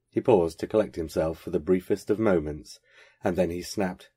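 A man with a deep voice and a husky, slightly rough edge reads a first-person story aloud. His delivery is measured and lightly wry. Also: dark tone. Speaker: podcast host reading a story.

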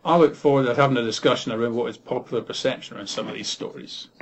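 A man co-hosting a casual podcast chat, playful and quick to joke. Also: medium pitch. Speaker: podcast co-host.

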